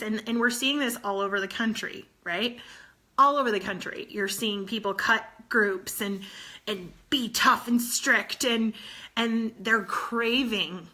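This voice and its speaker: A woman in her thirties speaks as a coach to her team, earnest and near tears. Her voice is bright and forceful and sits a little high. She leans on repetition to drive each point home. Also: unhurried. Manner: earnest, tearful, repeats phrases. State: close to tears. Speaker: fitness coach. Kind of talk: emotional motivational talk to her team.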